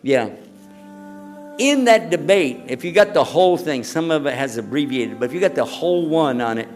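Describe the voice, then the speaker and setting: A man preaching to a live audience in an animated, conversational way, often throwing questions back at the room. His voice sits a little high and swings widely in pitch. Soft music plays faintly underneath. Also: moderate pace. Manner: animated, chatty, quizzes the audience. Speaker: Islamic preacher. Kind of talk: lively lecture to a live audience.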